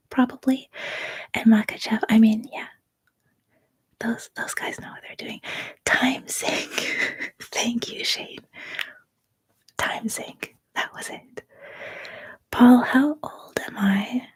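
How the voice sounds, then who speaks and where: A Canadian woman in her thirties, whispering a soft-spoken, rambling ASMR livestream chat. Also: on the high side, steady tone, measured pace, husky. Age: 30s. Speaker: ASMR streamer.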